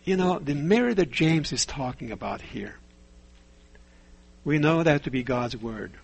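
Husky-voiced male preacher. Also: a little high, expressive. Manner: measured preaching with rhetorical questions and stories. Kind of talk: sermon.

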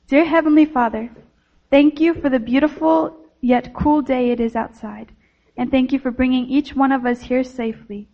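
High-voiced woman telling a children's sermon. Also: dull audio. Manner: gentle storyteller addressing children.

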